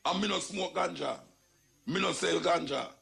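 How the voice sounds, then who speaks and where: A man with a Jamaican accent delivering an animated, patois-laced commentary monologue. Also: on the high side, moderate pace, vocal fry, husky.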